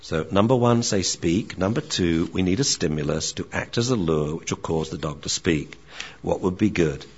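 A man teaching dog training in a lecture, animated and acting out barks and dialogue. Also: low-pitched, normal speed, husky. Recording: dull lo-fi recording.

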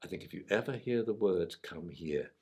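A man voicing a wise old male Akita dog who calmly gives advice as a mentor. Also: low-pitched, normal speed, breathy edge, pitched below the performer's own voice, full character voice. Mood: sage.

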